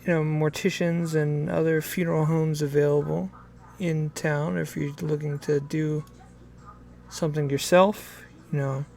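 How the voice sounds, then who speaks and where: A man's voice: a little high, flat delivery, unhurried, gravelly, darkish tone. A man acting as game master, narrating a tabletop game in a hesitant way, with many restarts. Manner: hesitant, lots of fillers and restarts.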